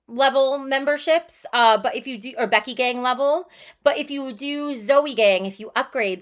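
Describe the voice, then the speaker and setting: A woman's voice: a little high, a bit bright. A woman livestreaming, chatting casually and bluntly, reading out and answering her chat. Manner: breezy, frank and irreverent.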